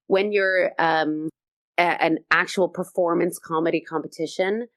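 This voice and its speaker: Canadian woman, comedian guest, animated storyteller, lowish voice, dry close sound. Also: no echo. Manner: energetic, animated storytelling with quick restarts. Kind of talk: casual interview chat.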